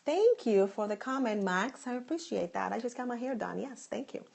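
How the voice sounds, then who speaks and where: A woman's voice: a little high, expressive, moderate pace, creaky, a little mellow. A woman in her late thirties with a Boston accent, hosting a live phone stream with a sore throat, upbeat and effusive as she thanks viewers. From Dominican Republic. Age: 30s. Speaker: live-stream host and stylist. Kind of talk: live-stream chat reading viewer comments.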